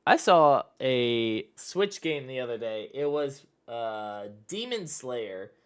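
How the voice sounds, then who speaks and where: A man in his late twenties co-hosting a casual podcast. His pitch bounces around a lot as he jumps between topics with playful, mock-sarcastic asides. The room is dry, with no reverb. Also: very animated, slow, clear, resonant tone. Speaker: podcast co-host. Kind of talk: casual chat.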